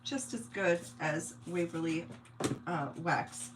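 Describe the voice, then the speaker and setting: A woman's voice: lowish voice, slow pace, background noise. A woman from New Jersey with a mixed New Jersey, Long Island and Indiana accent, hosting a casual craft livestream, chatting and laughing often while she works. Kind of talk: casual craft-along chat.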